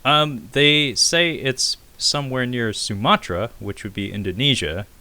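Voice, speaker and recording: A man's voice: mid-range voice, a little slow, pushed and bright. A man co-hosting a film review podcast, talking loosely and profanely with lots of filler "uh"s. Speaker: podcast co-host. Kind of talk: casual film review chat.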